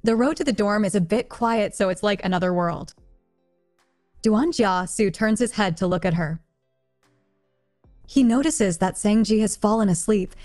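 A woman reads a translated romance novel aloud in short, plain sentences, her voice sitting at an ordinary mid pitch. Her delivery stays even and unhurried. Soft music plays faintly behind her. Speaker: audiobook narrator.

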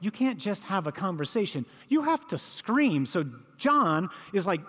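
Priest guy giving a sermon, fairly high voice, tells the story and does the disciples' voices, big echoey hall. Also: very animated, unhurried, few pauses, fairly bright tone. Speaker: priest preaching.

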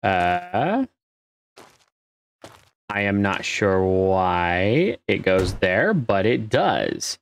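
A man's voice: deep voice, very animated, extremely slow, long pauses, a little hiss or hum. A man giving casual let's-play commentary, muttering to himself as he works things out and swearing when frustrated. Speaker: gamer playing a space survival game.

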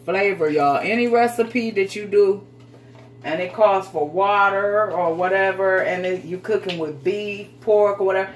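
Woman hosting a relaxed home cooking video, talking warmly and loosely to her viewers with the odd curse. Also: mid-range voice, a little slow. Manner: chatty, folksy, calls viewers sweet babies, swears casually. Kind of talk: casual cooking demonstration. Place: home kitchen.

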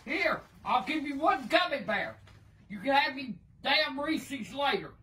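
An older woman making prank videos, cursing and yelling at her grandson in rough, profane banter. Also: high voice, animated, unhurried. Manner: foul-mouthed, yelling, cackling.

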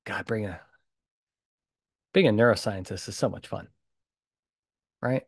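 A man hosts his own podcast solo, speaking bluntly and emphatically with lots of punchy repetition and an animated manner. His voice is lowish, a little slow, creaky and husky, recorded with no room sound.

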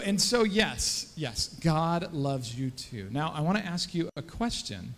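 Pastor, male, children's sermon, animated and questioning, higher voice with a long church reverb. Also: unhurried, hardly any pauses. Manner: animated, coaxing, asks children many questions. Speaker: pastor leading a children's message. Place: church sanctuary.

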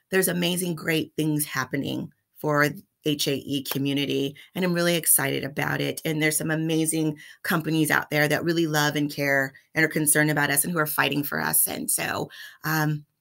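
Middle-aged woman vlogger, bright lower voice, chatty storyteller. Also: gravelly. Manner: chatty, animated, addresses viewers as y'all. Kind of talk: casual storytelling vlog.

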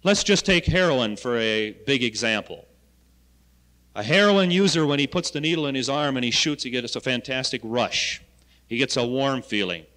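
A man who coordinates school health education, giving an animated lecture to students with loud points and quiet asides. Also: mid-range voice, normal speed. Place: college lecture hall. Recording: archival 1970 lecture recording in a reverberant hall.

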